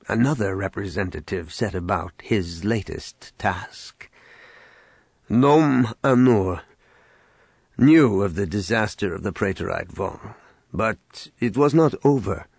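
A man reading an audiobook in a measured, dramatic narration. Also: lowish voice, lively intonation, vocal fry, slightly rough, dry recording, poor audio. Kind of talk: scripted narration.

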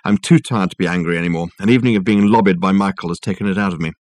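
A man voicing a brisk, sharp-tongued young woman who speaks in a dry, teasing, exasperated way. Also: deep voice, fairly even intonation, no room sound, close to an everyday voice. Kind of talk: audiobook character voice.

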